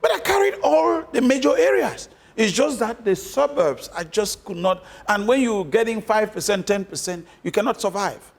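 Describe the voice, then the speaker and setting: Male guest, high voice, emphatic, hammers points home by repetition. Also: lively intonation, normal speed. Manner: emphatic, repeats points for stress. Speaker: interview guest, former candidate. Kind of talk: interview answers.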